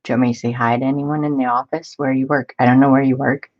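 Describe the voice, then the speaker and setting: A woman's voice: very deep voice, level tone, quick pace, muffled recording. A woman hosting a casual live stream, chatty and laughing often as she greets viewers by name. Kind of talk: casual live-stream chat while crafting.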